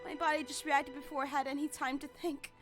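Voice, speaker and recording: A woman voicing a dying middle-aged male scientist father, speaking slowly and quietly in a rasping, faint voice. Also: high-pitched, flat delivery, voice pushed down, lightly acted. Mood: fading, tender. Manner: slow, halting, quiet. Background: game music.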